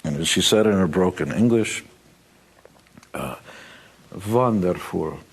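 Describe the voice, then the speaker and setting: A man's voice: low voice, expressive, a little slow, slight background noise. A man speaking bluntly in an interview, giving motivational advice with wry, dry humor.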